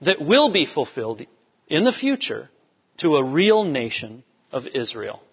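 A man's voice: fairly high pitch, sing-song, a little slow, husky. A man preaching a sermon, emphatic, driving home key phrases by repeating them. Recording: dull lo-fi sound with long hall reverb.

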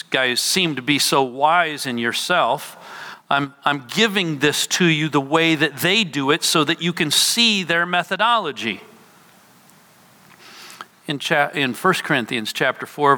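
A man's voice: a little high, bright, forceful tone. A man preaching a sermon, explaining a scripture passage verse by verse and voicing quoted lines with emphasis. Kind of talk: sermon teaching. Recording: hall reverb.

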